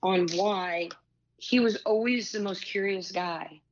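Slow and medium-pitched, this woman in her sixties is being interviewed about her past as a pro basketball player and broadcaster. The audio sounds dull, with slight background noise. She shares candid stories in a lively way, wandering into asides and often starting over.

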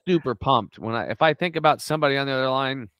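A middle-aged man telling stories in a lively interview, acting out quotes with sudden jumps in his voice. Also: quick pace, clean tone, no room sound. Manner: animated storyteller, acts out quotes with big pitch jumps. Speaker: guest on a health talk show. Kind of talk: energetic conversational interview.

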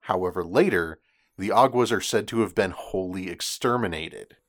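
A man with a very deep voice, chatting casually on a podcast. He lays out background facts at an easy, relaxed pace. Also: normal speed. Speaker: podcast co-host.

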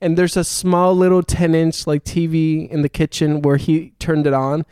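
A man's voice: on the high side, flat delivery, normal speed, mellow, clear, resonant tone, no echo, studio quality. A young man telling a long story in casual chat, swearing often and laughing as he goes.

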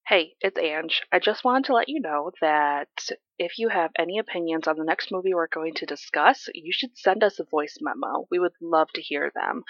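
A woman co-hosting a podcast, chatting casually about a movie in a relaxed, halting way. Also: low voice, dry recording, highs cut off. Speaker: podcast co-host.

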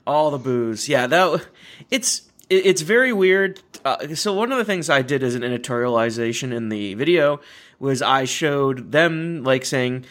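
On his casual chat podcast, a young man wanders through anecdotes, fixes his sentences midway and laughs at his own tales. His pitch is middling, his speed normal and his tone fairly bright.

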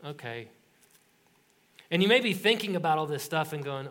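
Middle-aged male pastor, lively sermon storyteller, fairly high voice. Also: moderate pace, pauses often. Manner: animated storytelling with laughs and acted quotes.

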